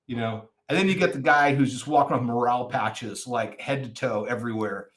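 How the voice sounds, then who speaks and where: A man's voice: medium pitch, brisk. Rambling male podcast guest. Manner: rambling, animated storyteller. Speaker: podcast guest, nonprofit founder. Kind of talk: casual interview chat.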